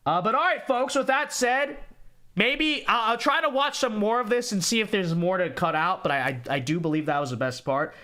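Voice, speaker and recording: A young man hosting a livestream podcast, chatting casually, rambling and repeating words with sudden animated outbursts. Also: high voice, normal speed. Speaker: podcast host.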